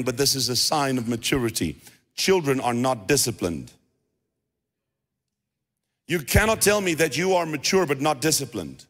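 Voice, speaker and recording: With a medium-pitched, slightly bright voice, a man serving as pastor delivers an emphatic sermon, driving home his points through repetition. A long reverb from the large hall trails his words.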